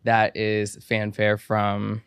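A man from the Washington, D.C. area hosting a podcast, talking in a playful, excitable, camp way. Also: lowish voice, takes it slowly, clear, resonant tone, no room sound, clean studio sound. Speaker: podcast host. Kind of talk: casual interview chat.

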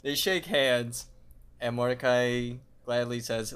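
A man's voice: medium pitch, flat delivery, measured pace, a bit bright, clean tone. A man co-hosting a podcast, recapping a cartoon episode in a laid-back way. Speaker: podcast co-host.

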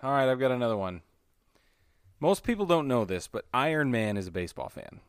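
A man co-hosting a casual podcast, enthusiastic and quick to laugh. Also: mid-range voice, sing-song, clear, resonant tone, no echo, studio quality. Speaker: podcast co-host. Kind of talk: casual chat.

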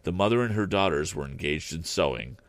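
A man narrating a classic story aloud in an expressive, deliberate reading style. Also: sits low, dry recording. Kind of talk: audiobook narration.

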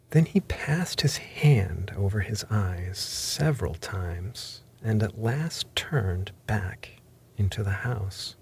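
Slow, husky male audiobook narrator. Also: lowish voice, darkish tone. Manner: measured, with breathy half-whispered phrases. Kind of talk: scripted narration of a classic novel.

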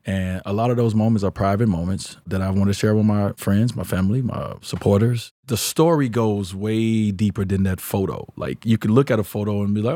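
A man talking as a podcast guest in a relaxed, reflective way, full of "like" and "you know". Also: lowish voice, fairly quick, hardly any pauses, no room sound, clean studio sound. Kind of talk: casual interview chat.

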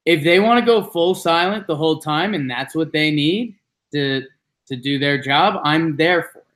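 A man chatting on a podcast, his voice sitting a little high for a man. He tells a meandering story, jumping up in pitch when he acts out what others said. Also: normal speed, fairly bright tone. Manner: rambling storyteller, acts out quotes with jumps in pitch. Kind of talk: casual chat.

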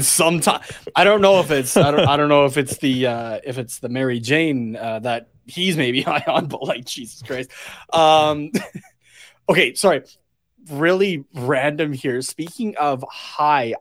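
A man with a slightly high voice co-hosting a podcast in casual chat. He rambles, swears loosely and laughs at his own tangents. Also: slow, a bit bright. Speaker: podcast co-host.

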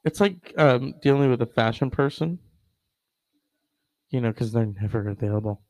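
A man's voice: medium pitch, normal speed, darkish tone, no room sound, poor audio. A man hosting a casual online show, rambling with many fillers and wry asides.

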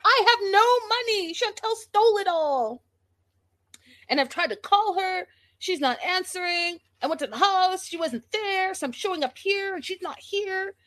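An indignant man, high-pitched and exasperated, protests that his money was taken, as a woman puts him on. The voice jumps far above her own and keeps pushing its complaint. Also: expressive, moderate pace, fairly bright tone.

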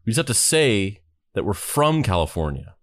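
A man co-hosting a podcast, animated and self-deprecating, swearing casually. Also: on the low side, normal speed, dry recording, studio quality. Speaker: podcast co-host.

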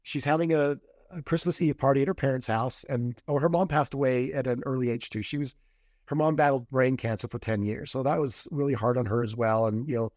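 A man's voice: mid-range voice, fairly quick, darkish tone, no room sound, studio quality. A man telling the story of a past relationship in a casual interview, rambling, restarting and quoting what was said. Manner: rambling retelling with quoted dialogue and restarts. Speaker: podcast guest.

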